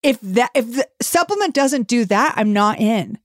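Wry woman with a lively, swooping voice. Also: on the high side, no room sound, clean studio sound. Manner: wry, joking, quick quips. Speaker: podcast co-host. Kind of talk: casual chat.

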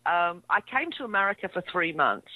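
A woman's voice: fairly low pitch, sing-song, brisk, no echo. A middle-aged English woman with a mid-Atlantic accent, a guest actress telling stories chattily with lots of fillers and restarts. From England. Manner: chatty, many fillers and restarts, laughs easily. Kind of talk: casual interview storytelling. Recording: tinny dry phone line.

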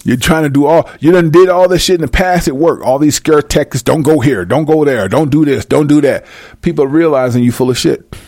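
A man's voice: fairly high pitch, fairly quick, darkish tone, no room sound, clean studio sound. A man delivering a heated, profane monologue rant, speaking emphatically to his viewers.

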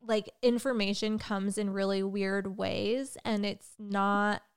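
Woman chatting casually, smooth voice, quick to agree. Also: medium pitch, level tone. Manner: quick affirming listener, laughs along. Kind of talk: casual chat.

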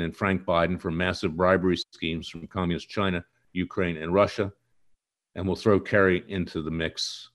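Deep-voiced combative male political host. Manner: combative, accusatory, emphatic. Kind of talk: direct-to-camera political monologue.

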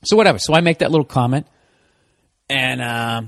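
A middle-aged man hosting a podcast, delivering a profane comedic rant that swings from loud outbursts to low mutters. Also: fairly quick. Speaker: podcast host.

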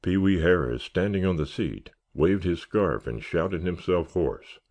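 A man narrating a story in an audiobook with steady storytelling. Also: low voice, unhurried. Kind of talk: scripted narration.

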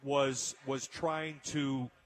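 A man's voice: mid-range voice, little pitch movement, very slow. A man hosting a casual radio talk show, telling an emotional story with frequent restarts. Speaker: radio host.

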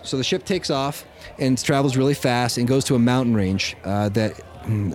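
A man with a mid-pitched voice hosts a casual podcast chat with his co-hosts. He tells his story in a loose, rambling way, stopping to correct himself and laughing often. When he gets excited, his voice jumps up. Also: moderate pace, hardly any pauses. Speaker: podcast host.

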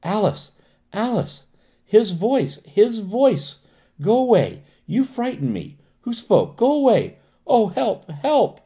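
A man's voice: mid-range voice, big pitch swings, a little fast, hardly any pauses, dark tone, natural voice. A man reading the part of a genteel woman patient who breaks into terrified screams, in an audiobook. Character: genteel middle-aged woman patient, panicky.

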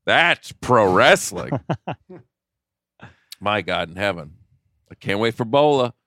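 A low-voiced man in a casual podcast chat who tells rambling stories with a lot of excitement. He often stumbles over his words and laughs as he goes. The recording is dry and close, with almost no room sound. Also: takes it slowly, no echo. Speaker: podcast co-host.

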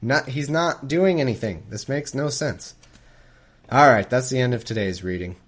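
A man's voice: medium pitch, animated, normal speed. A man hosting a casual podcast, reading scripture aloud and commenting on it in a sarcastic, exasperated way. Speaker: podcast host.

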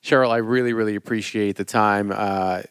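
Low-voiced male podcast host, dry sound. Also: fairly even intonation, moderate pace, smooth, dry recording. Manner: friendly, thanks guest warmly, laughs at own slips. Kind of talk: casual interview talk.

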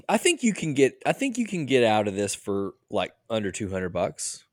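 A man with a lively, wide-ranging voice adds easygoing remarks to casual podcast banter. The sound is close and dry. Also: lowish voice, normal speed, no echo. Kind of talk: casual comedic chat.

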